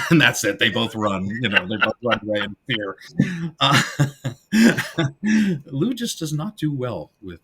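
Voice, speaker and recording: Lively middle-aged man retelling film scenes. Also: mid-range voice, unhurried, pauses often, breathy edge. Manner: animated storyteller, acts out the film's lines in character. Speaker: podcast co-host. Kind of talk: casual film discussion.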